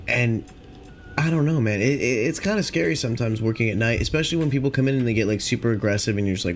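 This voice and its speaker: A young man hosting a podcast, rambling casually and profanely with lots of filler, and high on cannabis. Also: quick pace, soft background music. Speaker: podcast host.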